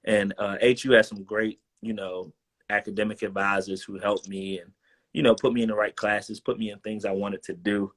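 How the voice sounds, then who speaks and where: A man's voice: lowish voice, moderate pace. A young man in his twenties, a guest on a video call, telling stories in casual slang and acting out what people said. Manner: animated storyteller, slangy, acts out quotes. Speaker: guest, former college football player. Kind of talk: casual storytelling interview.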